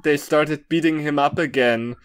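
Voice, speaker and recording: A man riffing on a fanfic with friends, talking in slow, puzzled questions that trail off. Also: fairly high pitch, steady tone, clear, resonant tone. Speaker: fanfic riff co-host. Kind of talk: casual riffing chat.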